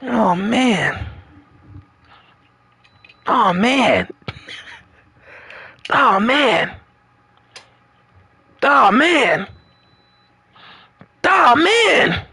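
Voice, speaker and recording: Anxious, lively-voiced gamer. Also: medium pitch, drawn-out words, pauses often, slightly rough, dry recording. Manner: anxious, exclaiming, repeats itself. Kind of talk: let's-play commentary.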